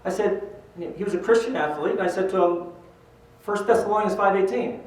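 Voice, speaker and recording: An older man giving a motivational talk, telling animated stories and acting out the voices of the people in them. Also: sits high, quick pace. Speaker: speaker at a pro-life event. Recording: echoey hall from far off.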